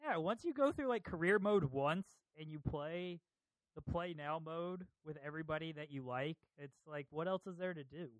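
A man's voice: fairly high pitch, lively intonation, normal speed, no echo. A man hosting a casual podcast chat, laid-back and laughing often. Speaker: podcast host.

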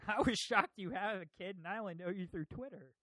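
Laid-back man with a slightly high voice. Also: a little fast, fairly bright tone, dry recording. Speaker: podcast host. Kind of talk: casual chat.

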